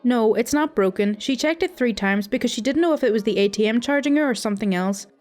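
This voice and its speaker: A woman's voice: on the high side, quick pace, a little mellow, soft background music, lightly acted. A woman voicing an indignant elderly man who argues with his bank over fees, in a storytime reading. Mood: insistent. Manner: indignant, stubborn and accusing.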